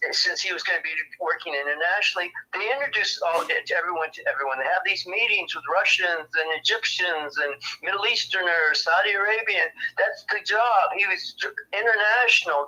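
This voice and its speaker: Man, high voice, very bright tone, argumentative political chat. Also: fairly quick, rough recording. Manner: argumentative, acts out quoted exchanges.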